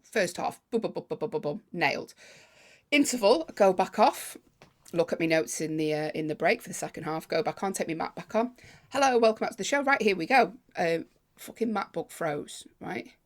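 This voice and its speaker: A woman comedian, telling a lively anecdote in casual podcast chat. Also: fairly low pitch, moderate pace. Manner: lively anecdote-telling, acts out other people.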